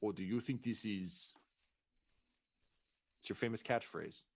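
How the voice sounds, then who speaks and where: A man's voice: on the low side, unhurried. A man running a tabletop role-playing game as game master, casual and profane, with many fillers. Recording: noisy stream mix.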